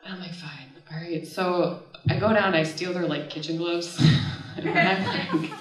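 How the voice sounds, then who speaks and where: A woman in her thirties telling a personal story on stage at a live event, casual and animated, often laughing and swearing as she goes. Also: lowish voice, measured pace. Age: 30s. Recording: echoey room, voice from far off the mic.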